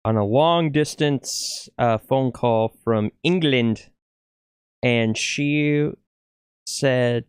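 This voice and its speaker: Middle-aged guy from california rambling on a podcast, smooth clean voice, dry sound. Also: mid-range voice, extremely slow, dry recording. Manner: rambling, laughs easily, repeats words. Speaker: podcast guest, musician. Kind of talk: casual chat.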